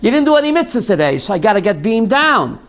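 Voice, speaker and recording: A man's voice: high voice, fast, a little hiss or hum. A rabbi teaching a class, quizzing listeners with call-and-response questions and acting out the voices he quotes. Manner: animated, drops into quoted voices. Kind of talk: teaching a class on Jewish theology.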